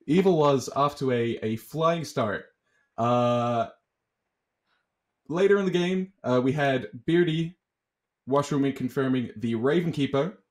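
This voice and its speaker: A man running a social deduction game as storyteller, announcing results and recapping the roles with drawn-out words, chuckles and many fillers. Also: mid-range voice.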